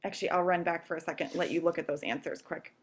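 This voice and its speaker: A woman's voice: on the low side, fairly even intonation, quick pace, breathy edge. A woman teacher explaining grammar rules step by step in a recorded video lesson, patient and checking in with "okay?" often. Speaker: Spanish teacher.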